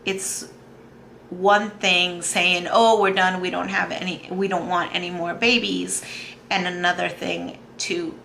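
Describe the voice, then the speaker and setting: A woman in her thirties talks to her camera in a video diary, emotional and close to tears. Her voice is low-pitched yet bright, with a gravelly edge, and she speaks slowly with many pauses. A faint background noise runs under the recording. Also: level tone. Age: 30s. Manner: soft, halting, tearful-sounding talk with many pauses and fillers. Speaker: vlogger.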